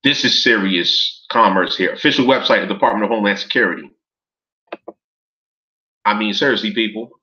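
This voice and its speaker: A man, talking casually in a profane, animated vlog, jumping from low muttering to excited shouts while reading from a website. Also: a little fast, pauses often, dull audio. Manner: profane, street slang. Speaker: vlogger.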